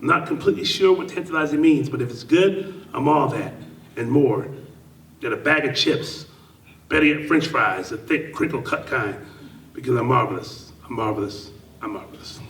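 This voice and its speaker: A man's voice: medium pitch, expressive, normal speed, fairly bright tone. A middle-aged man performing spoken word poetry with rhythmic, repetitive, playful affirmations. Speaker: performance poet. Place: club meeting room. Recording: echoey room, mic at a distance.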